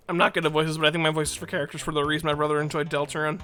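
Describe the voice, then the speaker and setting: A woman's voice: deep voice, flat delivery, fast talker, pushed and bright. A woman streaming a video game, chatting casually and rambling, self-deprecating and laughing often. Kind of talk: casual gaming stream chat. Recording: game music behind.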